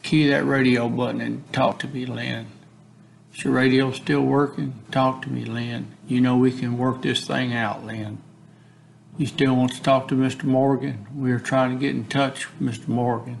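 A man reading as a patient, gravelly police negotiator. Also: mid-range voice, normal speed, slight background noise, lightly acted. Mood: coaxing. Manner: steady, repetitive coaxing reading. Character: male police negotiator, patient, persistent, pleading. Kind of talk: reading a case transcript aloud.

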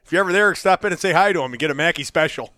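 Quick-talking, laughing man with bright tone. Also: fairly high pitch, no echo, clean studio sound. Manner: quick, laughing, joking banter. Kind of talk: casual chat.

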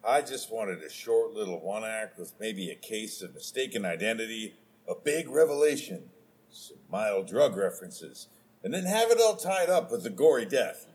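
A grumpy, stubborn actor, played by a man in a comedic audio play. He grumbles in casual slang, and his voice swings widely from low mutters upward. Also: very animated, moderate pace, darkish tone. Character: grumpy stubborn male actor, sick of typecasting.

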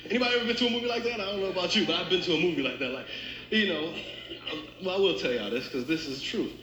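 A male pastor preaching in a church, bright and forceful in tone, chatting with his congregation as he tells funny stories. His voice rings through a roomy sanctuary with plenty of echo. He keeps the delivery animated and conversational. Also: high-pitched, rapid-fire, a little hiss or hum. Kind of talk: storytelling sermon with humor.

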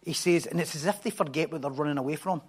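Preacher guy, high voice, tells stories, repeats himself a lot. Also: fast talker, breathy edge. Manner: animated, repetitive, stumbling restarts. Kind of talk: sermon with storytelling.

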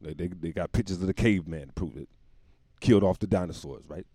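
A man's voice: sits low, quick pace, mellow, slightly rough, no room sound, clean studio sound. A man delivering a rambling, profane comic monologue, often laughing at his own jokes.

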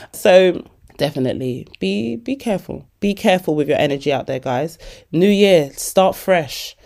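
A woman with a fairly low voice hosts a podcast, talking casually and motivationally. She is animated and chatty, breaking into laughter often. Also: normal speed. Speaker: podcast host.

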